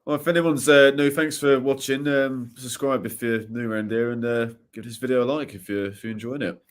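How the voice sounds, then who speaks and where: A man co-hosting a football watchalong, calling the play in a relaxed way with fillers. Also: mid-range voice, fairly quick. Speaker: co-host of a live watchalong. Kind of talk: live match commentary and casual chat.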